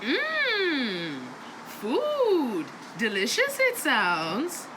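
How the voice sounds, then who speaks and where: A woman's voice: high voice, huge pitch swings, extremely slow, noisy background, full character voice. A woman voicing a wise old male walking-cane master who speaks in backwards, sage-like phrasing in a comedy sketch. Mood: dreamy.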